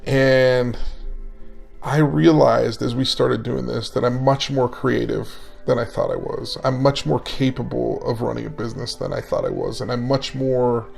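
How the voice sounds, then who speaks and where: A man in his forties with a gravelly, creaky voice tells a story in a relaxed interview. He is animated and acts out both sides of the conversation as he goes. Faint music plays behind him. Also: mid-range voice, moderate pace. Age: 40s. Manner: animated storyteller, acting out dialogue. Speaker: guest, mental performance coach.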